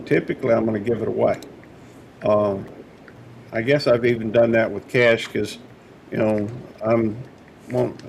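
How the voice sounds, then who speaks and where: A man in a casual chat, speaking haltingly and earnestly, with lots of fillers and restarts. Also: mid-range voice, gravelly, a little mellow, a little hiss or hum.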